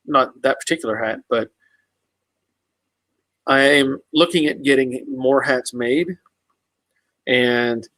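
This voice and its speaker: A man's voice: medium pitch, fairly bright tone, no echo, rough recording. A man hosting a casual live stream, answering viewers' comments in an easygoing, rambling way with many fillers and restarts.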